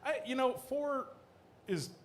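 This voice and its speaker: A man's voice: very high-pitched, slow, a little hiss or hum. A man co-hosting a podcast, chatting casually and eagerly about movies. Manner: animated, enthusiastic about movies. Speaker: podcast co-host. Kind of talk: casual chat.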